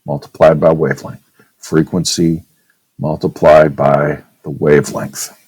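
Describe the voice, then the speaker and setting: Male teacher, deep voice, relaxed classroom lecture style that keeps checking in with the class. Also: normal speed, breathy edge, dry recording, low-quality recording. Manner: casual, checks in with "okay?", demonstrates with his own voice.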